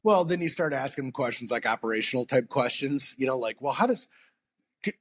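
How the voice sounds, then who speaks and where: A man's voice: mid-range voice, brisk. A man on a sales podcast, talking casually and acting out both sides of customer conversations in his stories. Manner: animated storyteller acting out customer dialogue.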